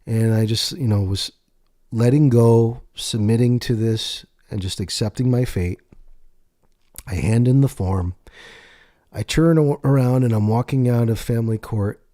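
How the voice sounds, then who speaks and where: A man telling his own life story in a candid, profane way, slowing down on emphatic words. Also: mid-range voice, mellow, no echo, clean studio sound. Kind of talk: personal storytelling monologue.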